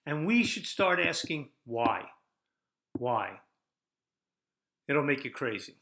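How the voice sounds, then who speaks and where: A brash older male podcast host from the United States delivers an opinion monologue in a medium-pitched voice at a slow pace. He's combative and rhetorical, with lively ups and downs.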